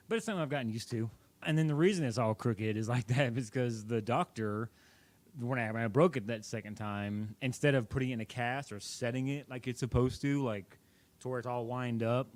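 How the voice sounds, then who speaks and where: A man's voice: mid-range voice, normal speed, darkish tone. A young man vlogging, casually telling a personal story in a rambling, self-correcting way.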